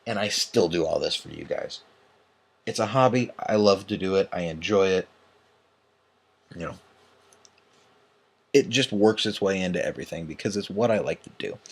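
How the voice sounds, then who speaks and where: Young male vlogger, low-pitched, tired and agitated, swearing through a late-night rant. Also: normal speed, creaky, pauses often, slightly rough. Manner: agitated, profane, tired and yawning. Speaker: online tournament host. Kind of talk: ranting vlog.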